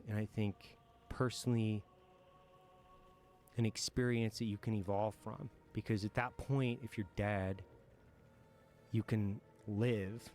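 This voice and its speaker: A military veteran telling war stories in an interview, frank and profane, reflective at times and breaking into nervous laughter. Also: male voice, lowish voice, a little mellow. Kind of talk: candid war storytelling in a podcast interview.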